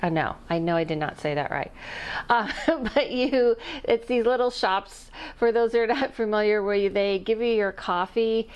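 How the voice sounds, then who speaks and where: Chatty woman medium with smooth voice. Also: mid-range voice, moderate pace, muffled recording. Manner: chatty, rambling, self-interrupting with laughs. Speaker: intuitive medium and channel host. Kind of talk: casual vlog talk to camera.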